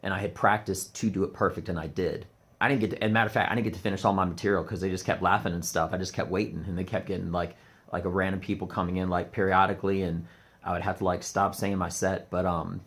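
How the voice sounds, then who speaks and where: A comedian ranting to camera, rambling and emphatic, with lots of "um" and "like". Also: male voice, low-pitched, little pitch movement, fast talker, fairly bright tone.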